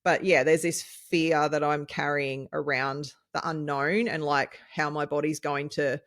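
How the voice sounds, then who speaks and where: A woman, co-hosting a casual podcast chat and rambling excitably, with lots of fillers and laughs. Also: sits low, a little slow. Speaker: podcast co-host, nutritionist.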